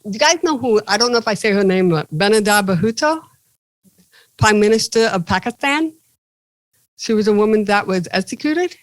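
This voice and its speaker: A woman comedian and motivational speaker, a guest in an interview, telling animated stories with playful jokes. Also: mid-range voice, moderate pace, no room sound, rough recording. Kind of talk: casual interview storytelling.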